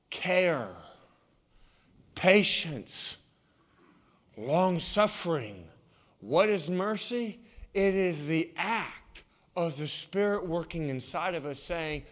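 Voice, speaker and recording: A male preacher delivering a sermon in an unhurried, expressive voice that runs high and leaps across a wide range. He moves between quiet, hushed stretches and loud, emphatic peaks. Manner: dramatic swings from hushed to shouting. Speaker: pastor.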